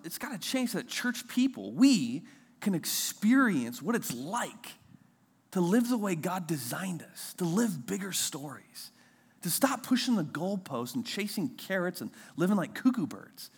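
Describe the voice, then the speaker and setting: Male pastor, 30s, casual animated sermon delivery, average pitch, jumps high for quoted voices. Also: husky.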